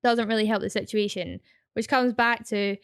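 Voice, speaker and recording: A Scottish woman in her twenties, a streamer talking as a guest in a casual interview, rapid and chatty with lots of "like" fillers. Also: medium pitch, steady tone, smooth, dry recording, clean studio sound.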